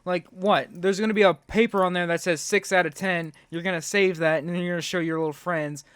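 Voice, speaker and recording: A man's voice: high-pitched, steady tone, a little fast, a bit bright, clean tone, no echo, clean studio sound. A man hosting a reaction video, talking sarcastically and ranting at what he watches. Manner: sarcastic, ranting, mocks with put-on quotes. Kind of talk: reaction commentary.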